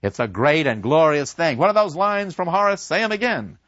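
Brief: male lecturer voicing a war-hungry old teacher, high and strident, swooping pitch. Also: expressive, normal speed, fairly bright tone. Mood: pompous. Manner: pompous, shrill and preachy. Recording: dull lo-fi dry recording.

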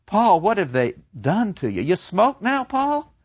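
A man's voice: very animated, a little slow, breathy edge, no echo, full character voice. A man voicing a doting, sick old mother who fusses over her soldier son. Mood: fussing. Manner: fussing, high and doting. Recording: dull lo-fi dry recording.

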